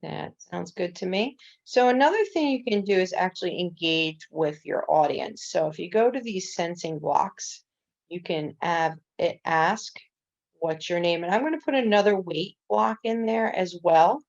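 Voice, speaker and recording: Low, gravelly-voiced woman teaching coding. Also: expressive, measured pace. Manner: step-by-step explaining with casual fillers. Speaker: coding instructor. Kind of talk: screen-recorded coding tutorial. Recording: dull lo-fi recording.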